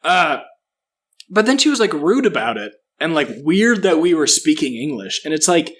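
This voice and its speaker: A man's voice: fairly high pitch, big pitch swings, moderate pace, fairly bright tone. A man co-hosting a casual comedy podcast, ranting profanely and doing mocking impressions. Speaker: podcast co-host.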